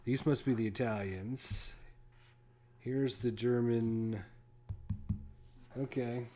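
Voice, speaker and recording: Guy sorting game pieces and mumbling counts to himself, slow and laid back. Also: medium pitch, steady tone, dark tone. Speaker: board game unboxer. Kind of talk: casual thinking aloud while unboxing.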